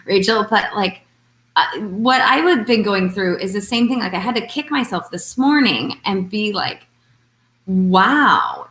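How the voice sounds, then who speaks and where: A woman's voice: mid-range voice, a bit bright, roomy sound. A woman coach chatting casually on a live video call, rambling and acting out quoted exchanges. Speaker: intuitive life coach.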